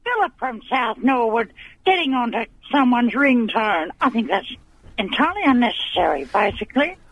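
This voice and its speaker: Fields: Figure: gushing grand old lady caller played by a man. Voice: very high. Line: dull phone. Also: big pitch swings, normal speed, slightly rough, full character voice. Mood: flirtatious. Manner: gushing, talks over the host, calls him darling. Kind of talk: comic phone-in character.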